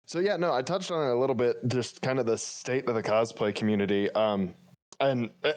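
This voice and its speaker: A man's voice: medium pitch, brisk, darkish tone. A man co-hosting a casual podcast, talking candidly and thinking aloud as he goes. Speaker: podcast co-host.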